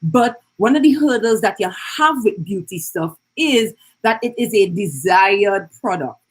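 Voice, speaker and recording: A woman teaches on a live stream, chatty and personable, often tossing in "right?". Her voice sits at a middle pitch and has a husky, slightly rough edge. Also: lively intonation, a little slow. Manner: chatty, keeps checking in with "right?". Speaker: business coach hosting an Instagram live. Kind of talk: live-stream teaching with viewer shout-outs.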